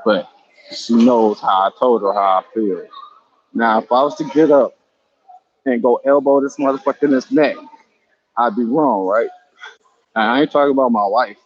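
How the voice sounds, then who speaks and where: A man from East Oakland, California, hosting a casual chat and telling stories in a profane, laughing, animated way into a handheld phone at home. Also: mid-range voice, moderate pace, long pauses, dull audio, a little hiss or hum. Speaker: host.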